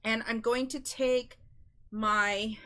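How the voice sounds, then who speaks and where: Slow-talking woman demonstrating crafts. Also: on the high side, fairly even intonation, bright, forceful tone. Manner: chatty, instructive, addresses viewers as guys. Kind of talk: live-stream craft demo.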